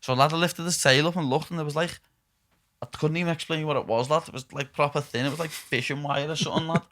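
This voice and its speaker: A man's voice: on the high side, fast talker. A young man with a Liverpool accent hosting a podcast, telling stories in casual chat, swearing and saying "lad" constantly. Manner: swearing, says "lad" constantly, animated storytelling. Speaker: podcast host.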